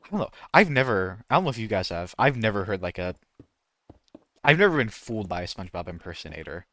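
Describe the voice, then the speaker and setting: A man streams a game and chats casually, his voice on the low side, a bit bright, very animated and quick. His talk is rambling and self-interrupting, punctuated by attempts at voice impressions.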